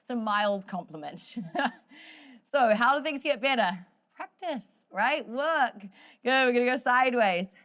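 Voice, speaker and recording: This fitness instructor sounds somewhat high and a little bright, with lively intonation at a normal speed. She coaches her workout class energetically, joking, cheering them on, and counting down the end of every set.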